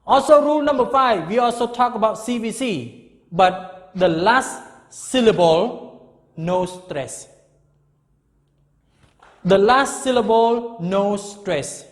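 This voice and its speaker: A man in his fifties teaching an English grammar lesson, speaking slowly and emphatically and repeating key words. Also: sits high, expressive, big-room sound.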